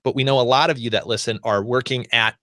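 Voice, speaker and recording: A man's voice: medium pitch, fairly even intonation, quick pace, bright, forceful tone, no room sound, clean studio sound. An American man hosting a podcast, chatting casually and rambling with many restarts and fillers. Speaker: podcast host.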